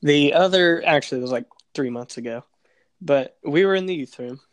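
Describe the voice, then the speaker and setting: A young man telling a funny story in casual chat, animated and laughing as he acts out the people in it. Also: a little high, a little fast, no echo. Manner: animated, laughing, acts out voices in his stories.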